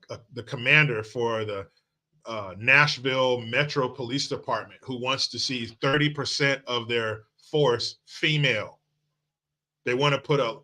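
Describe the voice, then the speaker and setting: Male commentary host; blunt, profane, rambling delivery with a bright, forceful tone. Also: medium pitch. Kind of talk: opinionated talk-show commentary.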